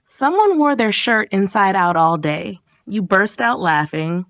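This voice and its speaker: A woman's voice: mid-range voice, big pitch swings, measured pace, vocal fry, hardly any pauses, no echo. A woman teaching English in a scripted lesson, her voice swinging up and down as she acts out example reactions. The sound is dry and close, with no room around it.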